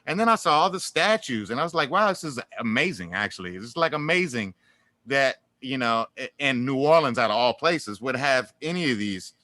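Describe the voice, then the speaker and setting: A man speaks as a guest in a relaxed interview, winding through his stories with many fillers and restarts. His voice is bright and forceful, at an ordinary pitch for a man. The sound is dry, with no room echo. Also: normal speed. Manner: animated, laughs through stories. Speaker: guest musician. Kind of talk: casual interview chat.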